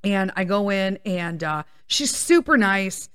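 A woman's voice: mid-range voice, animated, takes it slowly, a bit bright, clean tone, no room sound, studio quality. Candid, swearing woman telling a story. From United States. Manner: candid, profane, rambling with tangents. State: congested. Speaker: podcast host. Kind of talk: casual personal storytelling.

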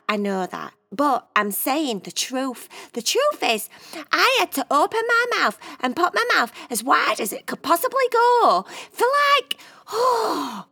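A woman's voice: high-pitched, creaky, pushed and bright, heavily acted. Woman voicing a dramatic, fibbing girl cat. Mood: complaining. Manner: dramatic, gushing and exaggerating. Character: dramatic, fibbing female cat who exaggerates. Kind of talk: children's bedtime story.

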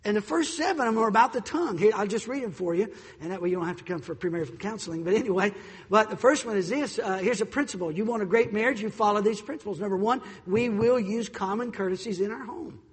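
Pastor, high husky voice, animated storytelling sermon, long hall echo. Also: male voice, fast. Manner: animated storyteller, acts out voices, swings loud and soft. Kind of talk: sermon with personal stories.

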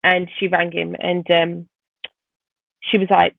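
A woman's voice: fairly low pitch, monotone, slow pace, gravelly. A woman guest vividly retelling a painful personal story in conversation, speaking animatedly. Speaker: podcast guest. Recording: tinny phone-like line.

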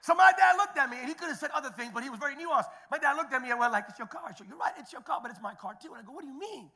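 A middle-aged male pastor delivers a sermon in a strikingly high, bright voice. He tells stories in a loose, conversational way, repeating himself and restarting, then climbs into loud, shouted declarations. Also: lively intonation, very fast. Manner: swings from quiet storytelling to loud shouted preaching.

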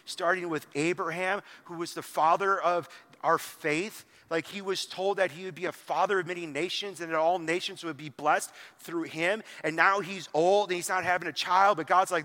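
Man, pastor, high bright voice, casual conversational sermon, long hall reverb. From small town. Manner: conversational, frequent "like", acts out quotes with sudden emphasis. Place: church hall.

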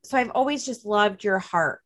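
A woman's voice: medium pitch, animated, normal speed, fairly bright tone. Female podcast host, New Jersey accent, casual and rambling. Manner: chatty, lots of "like" and "you know". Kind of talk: casual chat.

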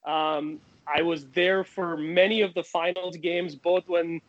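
A man telling a long personal story in casual talk, animated, with many restarts. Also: fairly high pitch, a little slow, highs cut off.

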